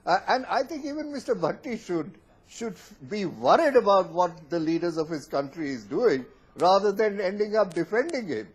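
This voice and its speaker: A man on a news panel argues with indignant scorn. His high voice rises and falls in lively swings as he presses his point. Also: normal speed, slightly rough. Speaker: studio panelist. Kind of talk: heated TV panel debate.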